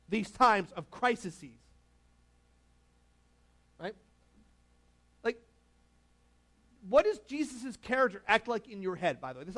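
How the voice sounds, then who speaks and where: A man's voice: extremely high pitch, a bit bright. A man preaching a casual, conversational sermon, laughing often and asking the congregation questions. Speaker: pastor.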